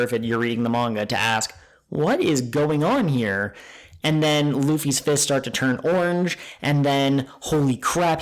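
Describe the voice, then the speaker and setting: A man co-hosting a podcast, retelling scenes with excited, animated energy in casual chat. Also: mid-range voice. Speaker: podcast co-host.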